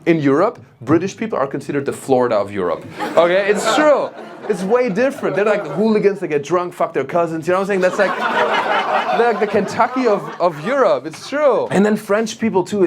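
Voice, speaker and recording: A man with a German accent doing stand-up crowd work, playful and animated, often laughing at his own jokes. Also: high-pitched, noisy background. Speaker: stand-up comedian.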